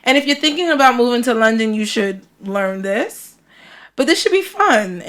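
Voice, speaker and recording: A bubbly American woman hosts a casual podcast chat with a fairly high voice. Her talk is animated and chatty. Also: moderate pace. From United States. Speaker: podcast host.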